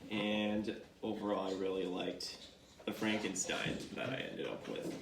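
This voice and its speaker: A man judging a home baking show, measured and polite. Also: lowish voice, flat delivery, creaky, noisy background. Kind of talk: casual judging chat. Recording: echoey room, distant mic.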